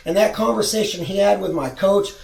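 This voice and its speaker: A man's voice: high voice, brisk, creaky, a little mellow. A man in his forties telling a rambling, profane story from his own past in a casual vlog. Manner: rambling, profane, restarts a lot. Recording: roomy sound, far from mic.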